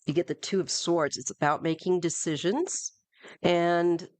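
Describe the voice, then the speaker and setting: A woman reading tarot cards live, chatting her way through with plenty of asides and "um"s. She talks slowly and unhurriedly. Her voice sits close and dry, with no room sound around it. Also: fairly low pitch, steady tone, darkish tone, dry recording. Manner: chatty, rambling, with frequent fillers and asides. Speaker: tarot reader. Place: home in Northern California.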